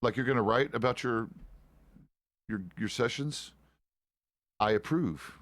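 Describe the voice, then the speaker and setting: A man's voice: mid-range voice, measured pace, a bit bright, no echo, clean studio sound. A man streaming a western roleplay game, chatting casually in character as a deputy with loose, profane, rambling asides.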